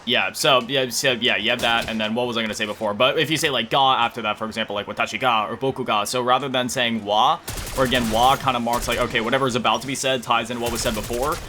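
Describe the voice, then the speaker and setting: Male gaming creator, casual rambling chat, crisp bright tone, self-deprecating, faint background hiss. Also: mid-range voice, fairly even intonation, fast talker. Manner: rambling, self-correcting, heavy on fillers; self-mocking, chuckling. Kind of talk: casual chat over gameplay.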